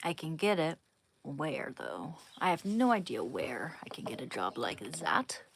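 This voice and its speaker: A young woman chatting casually on a livestream at home, giggling and trailing off into soft whispers as she talks to viewers. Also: deep voice, sing-song, measured pace, creaky, a little hiss or hum. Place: home room, indoors.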